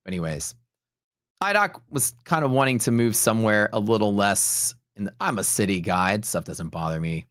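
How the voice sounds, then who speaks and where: A man's voice: lowish voice, animated, moderate pace, fairly bright tone, no echo, studio quality. A man hosting a live trading stream, telling rambling stories in a casual, chatty way with lots of "like" and "dude". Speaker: livestream host and futures trader.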